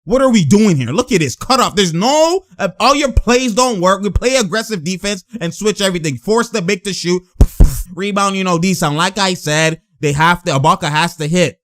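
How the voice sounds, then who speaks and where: A man giving loud, laughing, slangy commentary as he reacts to game footage. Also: high-pitched, animated, normal speed, no room sound, clean studio sound. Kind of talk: excited live reaction commentary.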